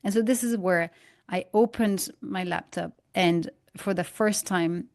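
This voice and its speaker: Animated woman telling stories, dry sound. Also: lowish voice, measured pace, dry recording. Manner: animated storyteller, acts out dialogue with analogies. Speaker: guest, holistic migraine practitioner. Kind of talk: conversational interview, storytelling.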